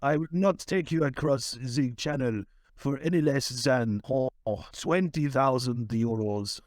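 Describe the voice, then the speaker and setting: A man's voice: mid-range voice, unhurried, no echo, studio quality, close to an everyday voice. A man voicing an adult male French boatman with a put-on French accent, bargaining in stiff, formal speech.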